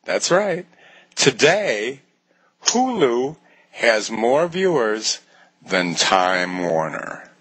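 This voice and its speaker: A man's voice: mid-range voice, big pitch swings, drawn-out words, fairly bright tone, husky, poor audio. An older man co-hosting an online talk show, telling jokey stories in casual chat from a small studio. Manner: jokey, self-mocking storyteller.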